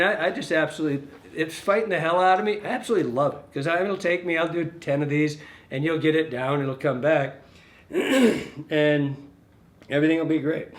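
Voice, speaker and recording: A middle-aged man demonstrating fly tying in a casual, rambling, folksy way, often correcting himself mid-sentence. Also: a little high.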